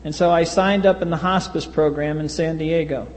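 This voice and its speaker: A man's voice: on the high side, steady tone, normal speed, a little mellow. A man, telling a blunt, wry personal story at a recovery meeting. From US East Coast. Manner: wry, blunt, acts out quoted voices. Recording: reverberant hall.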